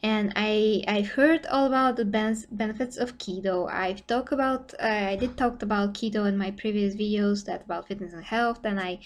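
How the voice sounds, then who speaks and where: A woman's voice: medium pitch, fairly even intonation, moderate pace, few pauses. Bulgarian woman rambling on a live stream. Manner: rambling, frequent "you know" fillers. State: voice getting tired from long talking. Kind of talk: casual live-stream chat with viewers.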